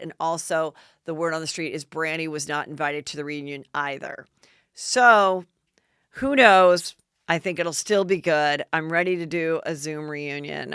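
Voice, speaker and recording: Woman podcast host, gossipy, sarcastic, bright, dry close sound. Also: low-pitched, clean tone, no echo. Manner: chatty, sarcastic asides. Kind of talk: gossip commentary.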